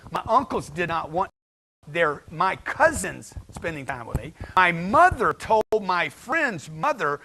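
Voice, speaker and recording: A man's voice: high-pitched, sing-song, measured pace, sharp tone. A man giving a blunt, slangy motivational talk to a livestream chat, firing rhetorical questions at his audience. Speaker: motivational speaker.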